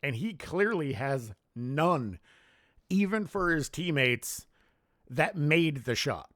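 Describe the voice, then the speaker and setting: A man's voice: a little high, expressive, takes it slowly, a bit bright, no echo, studio quality. A man delivering a heated, profane solo rant as a sports commentary vlogger, scornful and blunt. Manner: heated, profane, contemptuous ranting.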